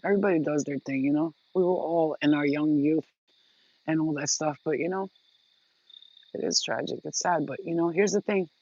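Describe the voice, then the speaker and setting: A woman's voice: low-pitched, normal speed, darkish tone. A woman talking straight to her viewers in a casual vlog, blunt, emphatic and freely profane. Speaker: vlogger. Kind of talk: casual direct-to-camera talk. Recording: dull lo-fi sound.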